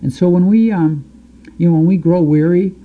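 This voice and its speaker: A man teaching through a Bible passage, reading the verses aloud and then explaining them in loose, halting speech with fillers. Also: high voice. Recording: dull, lo-fi recording.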